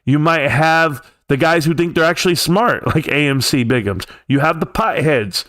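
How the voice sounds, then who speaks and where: A man's voice: on the high side, animated, moderate pace, a bit bright, no room sound, clean studio sound. A man with a California accent hosting a livestream, ranting heatedly and profanely in a rambling way. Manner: heated, profane, rambling rant with mocking quoted voices. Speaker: livestream host.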